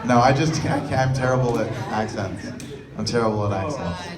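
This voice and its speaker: A man's voice: medium pitch, fairly quick. A man, a voice actor, joking in a self-mocking way on a convention panel. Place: large indoor convention hall. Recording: echoey hall from far off, loud crowd.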